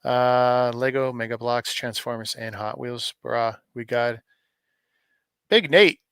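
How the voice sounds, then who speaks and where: A man's voice: medium pitch, level tone, measured pace, clear, resonant tone, no echo. A middle-aged man from Canada chatting to viewers by name on a live stream, rambling and joking between stories. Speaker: live streamer opening advent calendars. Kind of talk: casual live-stream chat.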